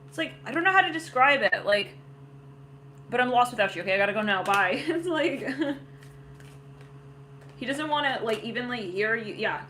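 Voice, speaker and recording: Bright-voiced woman rambling through a tarot reading. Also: sits high, a little hiss or hum. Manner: rambling, laughs often, many fillers. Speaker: tarot reader. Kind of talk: casual psychic tarot reading.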